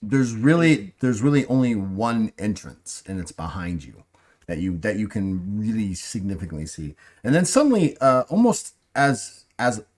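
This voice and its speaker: Rambling game master, lively pitch. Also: male voice, normal speed. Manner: rambling, with many fillers and restarts. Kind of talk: narrating a tabletop game.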